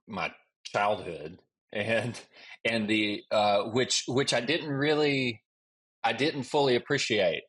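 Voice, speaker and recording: A man's voice: fairly low pitch, a bit bright. A man in his thirties from Alabama with a Southern accent, a guest historian telling a long story with many restarts. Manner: rambling with many restarts and fillers. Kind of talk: casual storytelling interview.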